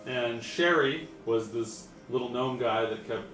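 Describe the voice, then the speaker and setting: A man's voice: mid-range voice, a little slow, fairly bright tone, slight background noise. A man narrating as game master of a tabletop game, with many hesitant fillers. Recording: echoey room, heard from a distance, music behind.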